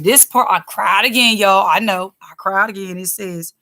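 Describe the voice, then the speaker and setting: Woman, casual Bible-study teacher, chatty with lots of asides, mid-pitched voice. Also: vocal fry. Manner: chatty, digressive, quick asides; animated when she quotes people.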